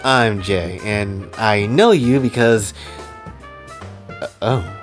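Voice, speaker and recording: A man playing a flustered, lovestruck young man who stammers and gets excitable. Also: fairly low pitch, very slow, faint music behind. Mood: awkward.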